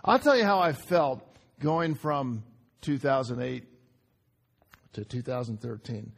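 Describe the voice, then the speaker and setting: A man preaching a sermon, moving from loud urgent outbursts to quiet hushed emphasis, repeating phrases and asking the congregation questions. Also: mid-range voice, expressive, a little slow, vocal fry, husky. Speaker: pastor.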